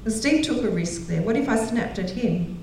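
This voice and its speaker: A woman's voice: a little high, animated, moderate pace, a little mellow, a little hiss or hum. A middle-aged woman speaking at a women's gathering, telling stories, laughing often and acting out the voices of the people she quotes. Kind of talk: sermon. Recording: very echoey hall, voice heard from a distance.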